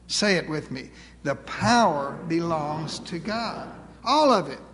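An older male preacher with a high voice, delivering a folksy sermon full of dry humor and slow, stretched-out emphasis. His words ring out with a long reverb, as if he stands in a large church sanctuary. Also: expressive, crowd noise.

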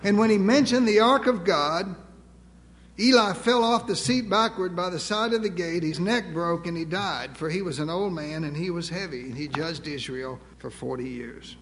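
A man's voice: sits high, moderate pace, a bit bright. An older man preaching a sermon to a church, folksy and humorous, drawing out words for emphasis. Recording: long reverb of a large hall.

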